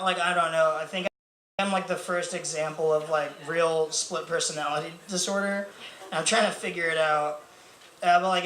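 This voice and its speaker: A man's voice: a little high, pushed and bright. A young man performing a stand-up comedy set, rambling and self-mocking with lots of fillers. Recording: echoey club room with faint noise.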